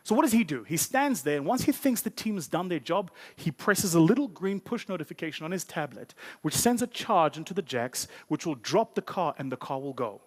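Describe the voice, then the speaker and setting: A man in his thirties speaks on a conference stage in a fairly high, lifted voice. He tells business stories with punchy emphasis and throws jokey asides at the room. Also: very animated, a little fast, hardly any pauses. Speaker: keynote speaker. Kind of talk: motivational business keynote. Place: conference stage before a live audience.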